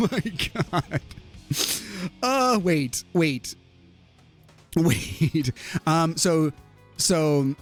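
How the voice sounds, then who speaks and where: A man hosting a livestream, chatting casually and reading viewer comments aloud, laughing often. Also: sits high. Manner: animated, laughs often, lively. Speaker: livestream host. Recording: faint music behind.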